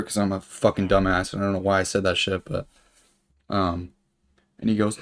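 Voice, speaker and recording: A man's voice: fairly low pitch, completely flat delivery, brisk, gravelly. A young man in his twenties telling a long story as a streamer, rambling with lots of fillers and swearing. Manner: rambling, profane, filler-heavy. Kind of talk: casual storytelling while gaming.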